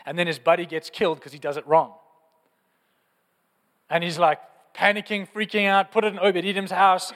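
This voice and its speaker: A young man preaching a sermon, telling stories in a lively, conversational, fervent way. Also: high voice, moderate pace. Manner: animated storytelling, conversational and fervent. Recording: long hall reverb.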